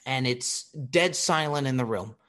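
Animated, profane male storyteller. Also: mid-range voice, unhurried. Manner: animated, profane, acts out quotes. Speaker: podcast host. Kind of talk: casual storytelling.

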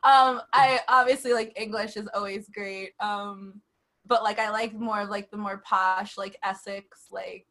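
A woman's voice: medium pitch, fairly even intonation, a little slow, fairly bright tone. A woman in casual chat, talking with lots of fillers and frequent giggles.

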